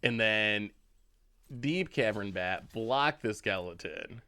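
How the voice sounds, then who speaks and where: A man's voice: on the low side, expressive, takes it slowly, pushed and bright, a little hiss or hum. A man streaming a card game, thinking aloud about his plays and chatting with viewers. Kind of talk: casual game commentary.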